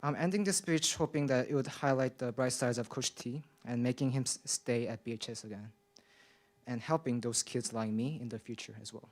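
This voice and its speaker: A man's voice: medium pitch, fairly quick. A young man whose first language is not English, reading a nervous, shaky public comment at a school board meeting, with many fillers and restarts. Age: young adult. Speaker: public commenter, college student. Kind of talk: nervous prepared speech.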